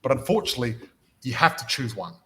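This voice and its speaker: A man hosts a motivational podcast with a lot of energy. He often stumbles over the first words of a sentence before he gets going. His voice sits at an ordinary middle pitch. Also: fast talker, poor audio. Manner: energetic, repeats words when starting sentences, storytelling. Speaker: podcast host and property mentor.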